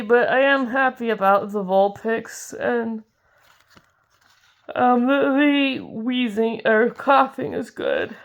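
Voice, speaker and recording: A young woman chatting casually as she opens trading card packs, giggling and gushing over the cards she likes. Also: fairly high pitch. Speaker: card-collecting video host. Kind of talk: casual pack-opening commentary.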